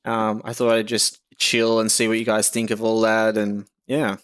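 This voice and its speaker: A man's voice: on the low side, completely flat delivery, moderate pace, a bit bright, clean tone. Laid-back Australian man streaming. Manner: rambling, laid-back, lots of "you know" and "like". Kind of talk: casual livestream chat.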